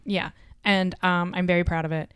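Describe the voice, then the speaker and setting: A woman's voice: fairly low pitch, level tone, moderate pace, a bit bright, smooth, no echo, studio quality. A woman with a Southern US accent, a guest author chatting casually on a podcast with frequent ums.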